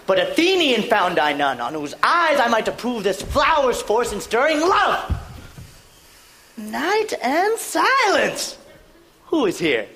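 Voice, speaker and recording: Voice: mid-range voice, wildly swooping pitch, slow, heavily acted. A performer doing a mischievous fairy sprite. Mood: impish. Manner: playful, swings between hushed and exclaiming. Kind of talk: Shakespeare stage reading.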